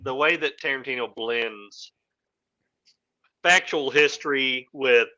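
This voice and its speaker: Bright-voiced man rambling about films. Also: medium pitch, takes it slowly, highs cut off. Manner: rambling, animated retelling with fillers. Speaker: podcast co-host. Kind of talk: casual movie discussion.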